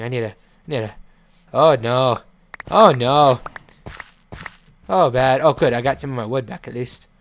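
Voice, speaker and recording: A man's voice: mid-range voice, slight background noise. A man giving casual commentary on his survival game, rambling with fillers and melodramatic mock apologies. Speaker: gameplay commentator. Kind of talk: casual let's-play commentary. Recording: game music playing behind. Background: game background music.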